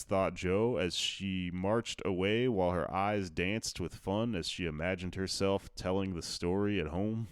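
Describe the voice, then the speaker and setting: A man's voice: deep voice, measured pace, few pauses, clear, resonant tone, dry recording, clean studio sound. A man reading a classic novel aloud in a casual way, tossing in offhand asides and fixing his own slips. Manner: offhand asides and self-corrections. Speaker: audiobook narrator.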